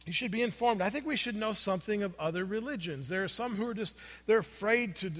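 A man preaching a sermon, telling a personal story in a conversational way with plenty of fillers, moving between loud stretches and hushed asides. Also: high voice, fast talker. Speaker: pastor. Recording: long hall reverb.

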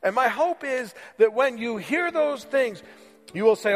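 High-voiced preacher in a reverberant church. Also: male voice, very animated, soft background music. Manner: conversational, repeats phrases for emphasis, slows on key words. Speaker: pastor. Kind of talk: sermon. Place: church sanctuary.

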